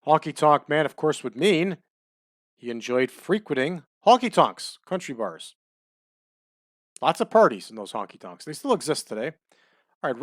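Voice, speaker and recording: A man giving relaxed, chatty commentary over a wrestling management game, adding trivia as he goes. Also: fairly high pitch, dry recording, studio quality. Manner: laid-back, chatty, adds wrestling trivia.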